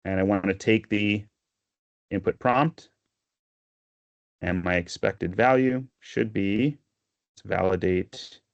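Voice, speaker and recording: A man walking through a software product demo, explaining each step steadily with frequent fillers. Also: lowish voice, takes it slowly, gravelly, pauses often, no room sound, dull audio.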